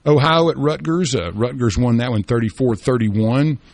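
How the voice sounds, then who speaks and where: A man's voice: mid-range voice, moderate pace, creaky, darkish tone, no room sound. A man co-hosting a talk radio show, chatting casually about sports and history with folksy fillers and restarts. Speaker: radio co-host.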